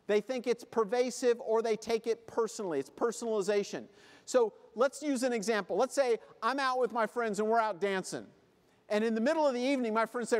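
High-voiced man speaking in a big hall. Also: moderate pace. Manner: comic, acts out little scenes with funny voices. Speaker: keynote speaker. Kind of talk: motivational conference speech. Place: convention hall. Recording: live hall reverb.

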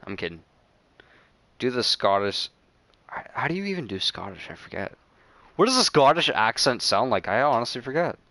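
A man livestreaming a game, chatting casually with viewers, joking, swearing freely, laughing often and shouting at the game. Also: medium pitch, no echo. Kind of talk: casual gaming livestream chat.

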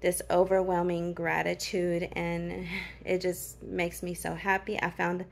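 A woman talks slowly and warmly about things she is grateful for, in a casual vlog style. Her voice has a gravelly, creaky edge, and she sounds tired and emotional. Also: lowish voice, level tone. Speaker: vlogger.

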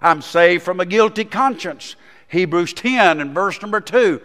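A pastor delivering a folksy sermon in a smooth, resonant voice pitched a bit high. He tells stories and asks the congregation questions. A long reverb carries through the church sanctuary. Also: animated, a little slow, a bit bright.

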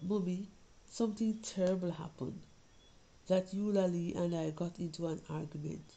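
Lady reading as a worried young girl pouring her heart out to her mum, low mellow gravelly voice. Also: low-quality recording. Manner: earnest, pleading, confiding. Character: young Jamaican girl writing to her mother, anxious. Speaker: reader of a short story. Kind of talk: storybook reading in a child's voice.

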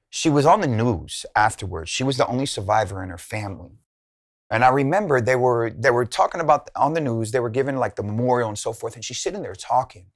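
A man's voice: creaky, dry recording, clean studio sound. A man host recounting a personal story in a casual, slangy way, full of fillers and retold dialogue. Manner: casual, many fillers and slang, retells dialogue with rising pitch. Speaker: youth minister and show host.

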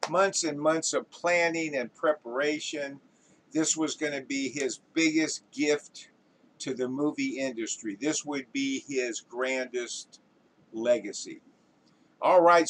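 A man telling a classic joke in an animated storytelling manner. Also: mid-range voice, poor audio. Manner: animated storytelling, acts out the characters' voices. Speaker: joke teller.

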